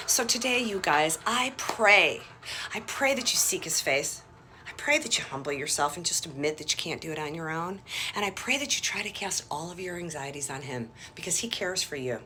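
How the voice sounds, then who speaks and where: A woman's voice: mid-range voice, big pitch swings, moderate pace, sharp tone, a little hiss or hum. A woman giving an earnest, encouraging devotional talk to her viewers. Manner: earnest, encouraging, addresses viewers as "you guys". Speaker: faith vlogger.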